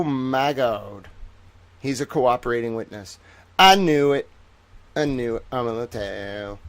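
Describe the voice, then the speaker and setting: Going through court documents on his independent news livestream, this show host and journalist swears excitedly, lurching between loud outbursts and quiet muttering. He saves a slow, stretched-out announcer voice for the big reveals, and there's no room sound.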